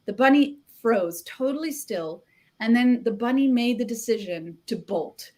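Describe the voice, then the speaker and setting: A woman author, a radio show guest, telling an animated story and laughing as she goes. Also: fairly high pitch, normal speed.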